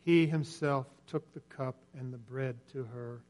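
A man preaching a sermon in earnest, swelling louder on key points and dropping nearly to a whisper. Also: medium pitch, steady tone, measured pace. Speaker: pastor.

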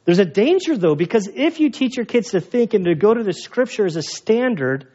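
A middle-aged male pastor preaching a conversational sermon, telling personal stories in an animated, self-mocking way. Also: high voice, a little fast. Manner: animated, chatty storytelling with self-mocking humor. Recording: dull lo-fi sound.

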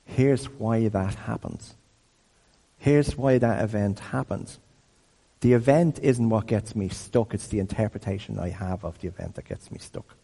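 A man's voice: lowish voice, measured pace, gravelly, dark tone. Fifty-something man preaching in a reverberant hall. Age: 50s. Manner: conversational, asks the audience questions. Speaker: speaker. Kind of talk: sermon-style teaching talk.

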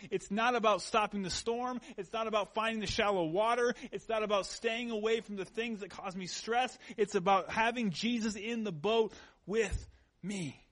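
A pastor with a high, light male voice delivers a sermon to his congregation. He speaks conversationally and weaves in personal stories. He uses earnest repetition to drive his points home. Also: a bit bright.

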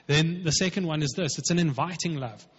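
A man's voice: on the high side, fairly quick, slightly rough. A man preaching a sermon as pastor, emphatic and conversational, acting out quotes. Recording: dull, lo-fi with long hall reverb.

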